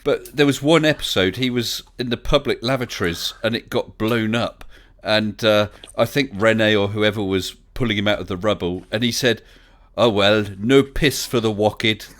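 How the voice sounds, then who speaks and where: A man's voice: fairly low pitch, normal speed, a bit bright. A man hosting a casual live-stream chat, laughing often and reading out messages from chat. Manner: chatty, laughs often, reads chat aloud. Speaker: host.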